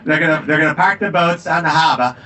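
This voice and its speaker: A man's voice: on the high side, fast talker, sharp tone, a little hiss or hum. A man voicing a brash male colonial revolutionary plotter with a Boston accent, in a swaggering, conspiratorial way. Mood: scheming.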